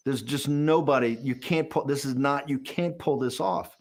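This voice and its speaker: A man gives an interview, recounting a behind-the-scenes episode. He talks in an animated, storytelling way, often restarting his sentences and repeating words as he goes. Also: mid-range voice. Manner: rapid, animated storyteller, acting out quotes and chuckling. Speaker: interviewee, political strategist.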